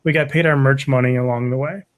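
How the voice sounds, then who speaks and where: A man's voice: mid-range voice, fast. A man, a podcast guest, telling a story in casual chat, swearing and acting out what others said. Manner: animated, acts out quoted voices, swears often.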